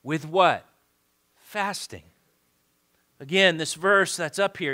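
Male pastor, sermon, slow delivery, bright voice, fervent then hushed, repeats words. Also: fairly high pitch. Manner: swings from loud fervent exhortation to hushed pleading, repeats words when stirred.

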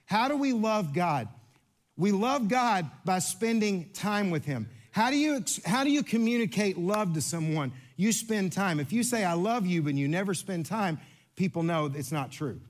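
High-voiced man preaching playfully. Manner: lively, interactive, playful with congregation. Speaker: pastor. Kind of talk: sermon. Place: church sanctuary.

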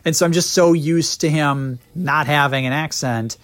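A man's voice: fairly high pitch, normal speed, fairly bright tone. A man in his thirties co-hosting a casual movie review chat, joking and talking in long run-on sentences. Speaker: podcast co-host.

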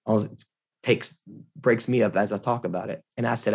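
Husky man telling a story. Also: lowish voice, moderate pace. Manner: animated, earnest storyteller. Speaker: guest. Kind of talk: casual storytelling in conversation.

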